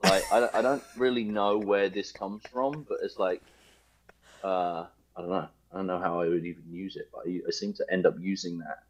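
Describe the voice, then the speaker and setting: A man's voice: deep voice, fairly even intonation, moderate pace. A man chatting as a podcast guest, rambling loosely, joking and swearing freely. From United Kingdom. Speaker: guest, home builder. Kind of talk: casual podcast interview.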